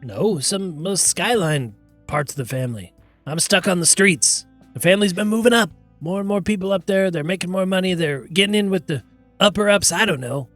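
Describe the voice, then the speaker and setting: A man's voice: high-pitched, lively intonation, a little fast, fairly bright tone, no room sound, faint music behind. A man voicing a nervous, defensive male gang underling who stammers and rambles as he pleads. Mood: grumbling.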